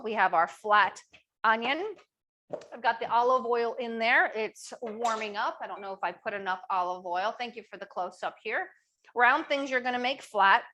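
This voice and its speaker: A woman's voice: a little high, bright, forceful tone, slight background noise. A middle-aged woman hosting a live online cooking demo, upbeat and chatty, asking viewers to type answers in the chat. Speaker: cooking class host.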